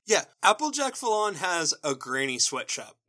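Bright-voiced wry co-host. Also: mid-range voice, very animated, normal speed. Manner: wry, laughs often, dry asides. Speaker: podcast co-host. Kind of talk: casual chat.

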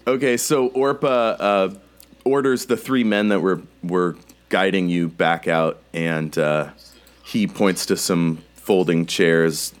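Low-voiced casual male game master. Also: fairly even intonation, takes it slowly. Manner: casual, rambling, many fillers. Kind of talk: narrating a tabletop game.

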